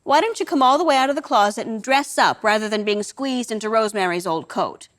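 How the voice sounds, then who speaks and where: A woman's voice: on the high side, animated, brisk, fairly bright tone. A woman voicing a knowing, unflappable mother who speaks in a casual, matter-of-fact way. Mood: calm command. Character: knowing, unflappable middle-aged mother, dryly in control.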